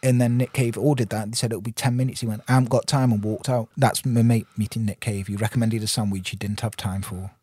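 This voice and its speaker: Husky man telling crude stories. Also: on the low side, flat delivery, quick pace, few pauses, mellow, no echo. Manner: rambling anecdotes with crude jokes. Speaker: podcast guest. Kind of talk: casual chat.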